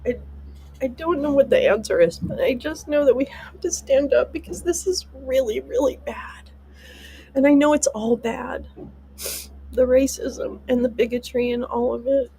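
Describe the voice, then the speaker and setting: A woman's voice: sits high, moderate pace, mellow, breathy edge, rough recording. A middle-aged woman hosting a live stream, talking in an emotional, rambling and profane way because she is upset.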